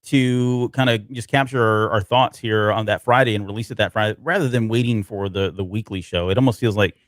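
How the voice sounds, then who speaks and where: A man with a fairly low voice chats on a podcast, hesitating often and restarting his sentences. The sound is dry and close to the mic. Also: fairly even intonation, brisk, no echo. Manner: hesitant, many ums and restarts. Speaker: podcast co-host. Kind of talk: casual chat.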